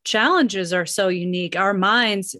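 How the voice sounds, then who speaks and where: A woman's voice: mid-range voice, measured pace, sharp tone, dry recording, clean studio sound. A woman co-hosting a casual podcast chat, reflective and rambling, laughing often.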